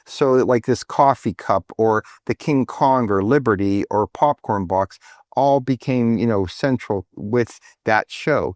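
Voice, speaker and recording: A man's voice: no room sound, studio quality. Man in his fifties telling stories. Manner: animated, acts out quoted speech with lifted pitch; halting, many fillers and restarts. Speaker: guest artist. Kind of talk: casual interview storytelling.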